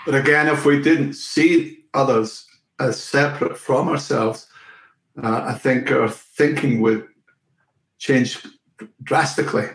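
Man, mid-pitched voice, roomy echo, short agreeing replies, casual podcast chat. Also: steady tone, takes it slowly.

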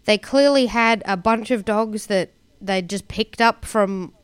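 A woman's voice: medium pitch, unhurried, clean tone, no echo. A woman co-hosting a podcast, chatting casually and rambling through a TV show recap. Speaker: podcast co-host.

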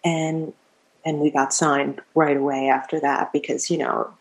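A middle-aged woman musician, a guest telling stories in a casual interview, animated and laughing often as she acts out what people said. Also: deep voice, a little slow.

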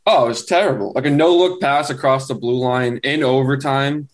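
A man co-hosting a sports talk show, speaking casually with lots of "like". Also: medium pitch. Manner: quick, casual, filler-heavy. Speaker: co-host.

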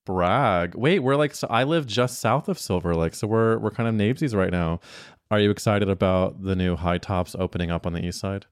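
A man's voice: on the low side, moderate pace, smooth, dry recording, studio quality. A man hosting a podcast in casual chat, campy and teasing. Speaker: podcast host.

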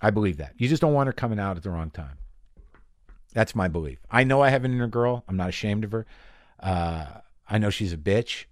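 A man performing a stand-up comedy routine, talking with animated swings and profanity and acting out the voices of people in his stories. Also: fairly low pitch, a little fast, dry recording, clean studio sound. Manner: animated, swearing, acts out voices in bits.

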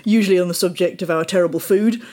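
Lively British woman on a podcast. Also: fairly low pitch, fast talker. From Britain. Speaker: podcast co-host. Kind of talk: podcast discussion.

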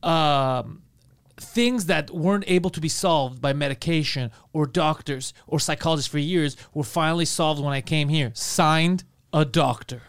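A man's voice: fairly high pitch, smooth, no room sound, clean studio sound. A man co-hosting a podcast, telling a story in casual banter, quoting people and swearing as he laughs. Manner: fast, animated, swears, quotes others with laughter. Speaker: podcast co-host.

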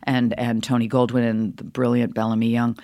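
A middle-aged woman, an actress, telling animated stories in an interview, her voice leaping up with laughter and acted-out lines. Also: brisk. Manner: lively, swings high with laughter and voices. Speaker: actress guest.

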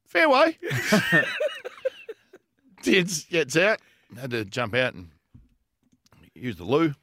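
A man's voice: medium pitch, sing-song, drawn-out words, bright, forceful tone, a little hiss or hum. A man with an Australian accent, co-hosting a podcast and telling a story in casual chat, laughing often and doing quoted voices. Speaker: podcast co-host.

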